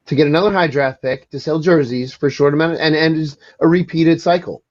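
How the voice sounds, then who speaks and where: A man's voice: on the high side, steady tone, fast talker, a little mellow, muffled recording. A man co-hosting a sports podcast, pressing the same questions again and again and venting frustration. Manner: insistent, repeats his questions, frustrated fan. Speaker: podcast co-host. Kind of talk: casual sports chat.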